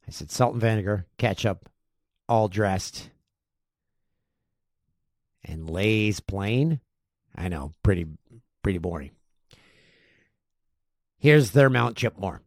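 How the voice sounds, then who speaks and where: A man's voice: fairly low pitch, dry recording, studio quality. A man hosting a casual podcast, reading listener emails and joking between them. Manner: animated, jokey, reads emails aloud with quick asides. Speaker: podcast host.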